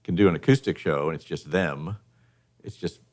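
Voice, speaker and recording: Hoarse, very deep-voiced man; easygoing radio guest who laughs as he talks. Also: moderate pace. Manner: relaxed storytelling, chuckles often. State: hoarse from losing his voice. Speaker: guest from a charity foundation. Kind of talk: casual radio chat. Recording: radio studio.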